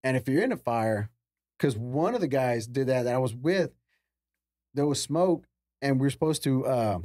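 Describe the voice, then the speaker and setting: A man's voice: mid-range voice, lively intonation, moderate pace, darkish tone, dry recording, studio quality. A man in his forties, a podcast guest, telling firefighting stories in a casual way, acting out other people's lines and swearing freely. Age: 40s. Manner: acts out quoted voices, casual swearing.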